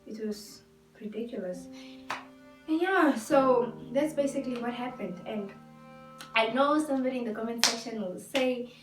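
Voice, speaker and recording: A woman's voice: on the high side, normal speed. A young woman vlogger telling a personal story to camera, emphatic and heated, acting out the dialogue. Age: young adult. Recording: roomy, distant mic with guitar music behind.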